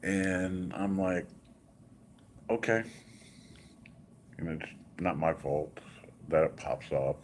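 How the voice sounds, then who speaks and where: A man's voice: sits low, steady tone, takes it slowly, a little mellow, a little hiss or hum. A man in a hospital room giving a casual, rambling update, telling stories with many asides. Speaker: vlogger.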